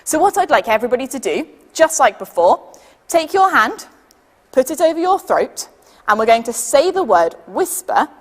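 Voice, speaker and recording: A woman with a British accent leading a children's science demonstration, patient and lively, counting down for the audience to join in. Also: high voice, moderate pace, long reverb tail. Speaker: science workshop leader.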